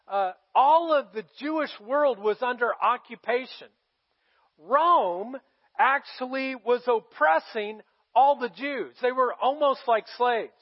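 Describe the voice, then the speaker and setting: A man's voice: very high voice, muffled recording. A man pastor giving a sermon, telling the story casually with bursts of emphasis.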